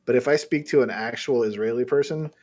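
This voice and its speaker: A man's voice: mid-range voice, fast, a little mellow. A young man on a podcast who explains things eagerly with rambling asides. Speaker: podcast co-host. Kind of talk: casual chat.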